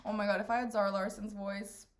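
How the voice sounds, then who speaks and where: A woman's voice: medium pitch, flat delivery, fast talker, crowd noise. A young woman hosting a podcast alone, rambling casually from thought to thought and filling her talk with "like". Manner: rambling, chatty, valley-girl fillers; self-interrupting, jumps between topics. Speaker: podcast host. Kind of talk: casual monologue.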